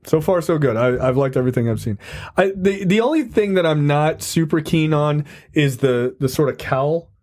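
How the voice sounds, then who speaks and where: A man's voice: a little high, expressive, moderate pace, a little mellow. A man co-hosting a podcast, easygoing and hesitant, with fillers and repeated starts. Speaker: podcast co-host. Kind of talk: casual chat.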